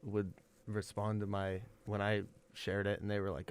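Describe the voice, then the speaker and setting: Chatty male podcast host, smooth voice. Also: on the low side, completely flat delivery, normal speed. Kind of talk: casual podcast interview.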